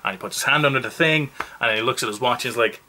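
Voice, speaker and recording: A man's voice: medium pitch, fast talker, pushed and bright, a little hiss or hum. A man giving a casual, rambling movie review, full of self-mocking asides.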